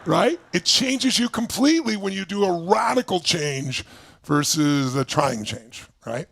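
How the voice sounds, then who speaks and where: In a dry recording, a creaky-voiced motivational speaker streams an energetic coaching session from indoors to a video call audience. He drives the exercises with a rapid stream of questions, emphatic throughout, alternating loud bursts with low, quiet stretches.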